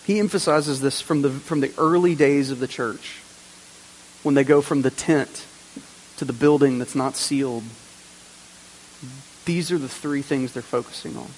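A man's voice: mid-range voice, unhurried, pauses often. A man preaching a sermon to his congregation, earnest, with repeated phrases and rhetorical questions. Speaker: pastor. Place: church sanctuary. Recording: long reverb, faint hiss.

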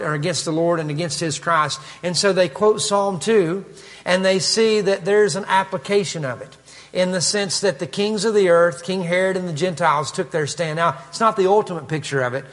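Kentucky man, pastor, chatty sermon with asides, higher voice. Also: a bit bright, big-room sound. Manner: conversational, with asides and frequent "uh". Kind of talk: expository sermon.

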